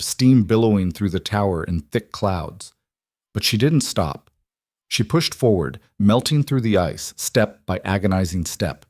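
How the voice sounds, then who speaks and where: Male storybook narrator, steady and dramatic, low and dry. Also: no echo. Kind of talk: scripted narration.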